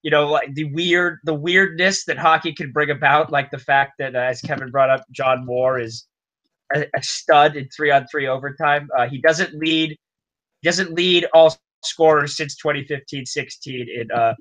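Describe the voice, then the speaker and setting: A young man co-hosts a casual podcast, easygoing as he works through stats with plenty of fillers. His voice is bright and slightly high. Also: fairly even intonation, normal speed, low-quality recording. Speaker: podcast co-host. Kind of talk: casual chat.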